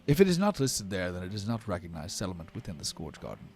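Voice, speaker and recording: A man voicing a smug, officious male elven clerk who speaks in a prim, condescending, measured way. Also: low-pitched, very animated, a little mellow, soft background music.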